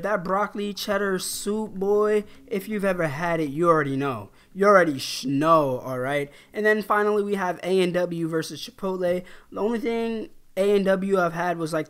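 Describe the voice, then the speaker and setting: A man's voice: sits high, fairly bright tone. A man from New York talking casually in a vlog, offhand and loose, tacking "all right?" onto his points. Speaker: YouTuber.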